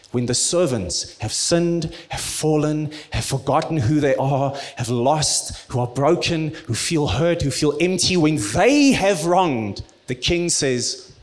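A man preaching a sermon, rising to loud emphatic peaks and dropping to hushed, low tones. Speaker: pastor.

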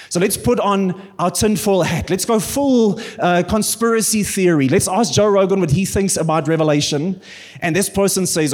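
A man's voice: high-pitched, expressive, moderate pace, a little mellow. A man preaching a sermon as a pastor, earnest and emphatic, with playful humour.

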